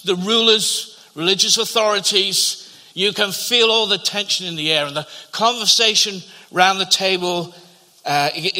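A man preaching a sermon, telling a story and often repeating his words, then dropping to a hush at tender moments. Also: sits high. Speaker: pastor. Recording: long hall reverb.

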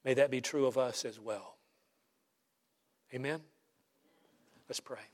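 A man's voice: mid-range voice, slow pace. A man preaching an emphatic sermon as pastor, ending by leading a prayer. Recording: long reverb of a large hall.

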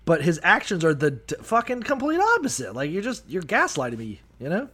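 A man's voice: sits high, fairly quick, breathy edge. A man on a comedy podcast, riffing profanely on a bible story and acting out the characters' voices. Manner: profane, animated, acts out voices mid-story. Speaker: podcast co-host. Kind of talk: comedic bible commentary chat.

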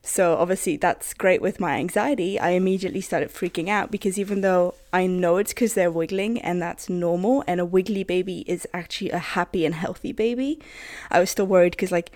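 A pregnant woman with a slightly low voice chats on a podcast. She talks freely and pokes fun at herself, and she acts out her own anxious thoughts in quick bursts. The recording is close and dry, with no room sound. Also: darkish tone, dry recording. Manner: chatty, self-deprecating, quotes herself in a rush. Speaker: podcast co-host. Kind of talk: casual chat.

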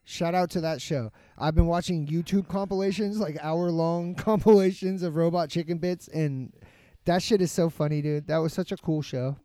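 Teasing high-voiced man, close and dry. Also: moderate pace, dark tone, dry recording. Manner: teasing, steering the talk to segments. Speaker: podcast co-host. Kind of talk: casual chat among friends.

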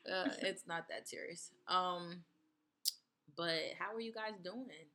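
A woman co-hosting a casual podcast chat, playful and teasing with quick asides. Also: fairly low pitch, pushed and bright. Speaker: podcast co-host.

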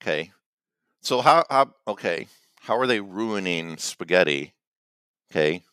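A man co-hosting a casual comedy podcast, talking in a deadpan, halting way with lots of "okay"s. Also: sits low, clear, resonant tone, dry recording, clean studio sound. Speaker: podcast co-host.

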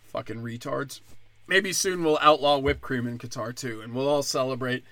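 A man's voice: mid-range voice, bright, forceful tone, no echo. A young man in a profane, sarcastic rant of angry commentary, often mocking the people he talks about. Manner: angry, sarcastic, crude, fast swings into mocking voices.

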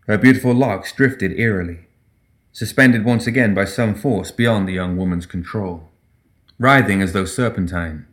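A man giving steady, measured scripted narration of a dark fantasy story. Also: fairly low pitch.

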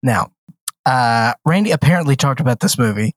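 A man's voice: mid-range voice, moderate pace, noisy background. A man co-hosting a movie podcast, joking and retelling a film's plot in casual chat. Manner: animated, joking, retells plots with acted-out quotes. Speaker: podcast co-host.

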